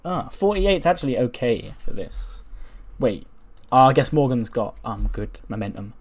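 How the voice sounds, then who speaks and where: A man's voice: mid-range voice, very animated, moderate pace, slightly rough. A man casually narrating his wrestling game playthrough, with lots of fillers. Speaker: game streamer. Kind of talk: let's play commentary.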